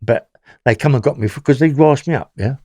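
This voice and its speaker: A man's voice: medium pitch, a little fast, darkish tone, no echo, studio quality. A man with a London accent telling his story as an interview guest, rambling and often checking in with "yeah?".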